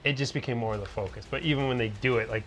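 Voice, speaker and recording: A man's voice: mid-range voice, rapid-fire, a bit bright, a little hiss or hum. A man hosting a casual podcast, giving his opinionated take on a series, often hedging with "I felt like" and restarting his sentences. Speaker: podcast host. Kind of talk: casual podcast review chat.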